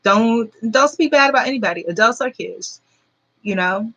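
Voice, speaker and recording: A woman's voice: mid-range voice, normal speed, fairly bright tone, dull audio. A woman in her forties telling a story straight to her viewers, rambling and earnest, full of fillers. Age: 40s. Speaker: vlogger.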